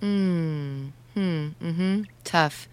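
A woman's voice: lowish voice, very slow, darkish tone, smooth. An actress playing a young woman on a weekend trip who laughs easily. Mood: playful.

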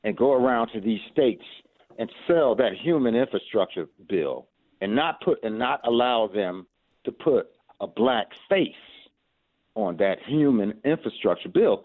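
A man's voice: lowish voice, lively intonation, unhurried. A man calls in to a radio show over a tinny phone line, urging his point earnestly. His voice rises and falls widely, and he stumbles at the start of phrases. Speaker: caller. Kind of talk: call-in radio talk.

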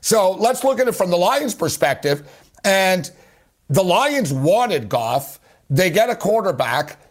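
A man hosting a sports talk radio show, arguing his takes on football trades in an animated, rapid way. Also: high-pitched. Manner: animated, rapid, argumentative, keeps addressing his guest.

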